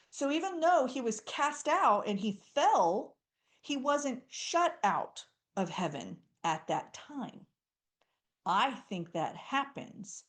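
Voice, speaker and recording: A woman teaching a Bible study lesson, lively and conversational, acting out quoted dialogue as she explains. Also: mid-range voice. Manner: animated, acts out quoted dialogue.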